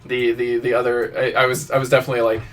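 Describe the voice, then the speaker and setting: A man's voice: medium pitch, completely flat delivery, fast talker, far from the mic. A man hosting a podcast, chatting casually with frequent swearing, stammering restarts and laughter. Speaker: podcast host. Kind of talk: casual chat.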